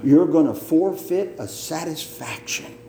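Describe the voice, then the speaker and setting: A male pastor preaching a sermon, emphatic and deliberate, often repeating words as he teaches. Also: fairly high pitch, lively intonation, gravelly, mellow, a little hiss or hum. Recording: roomy echo.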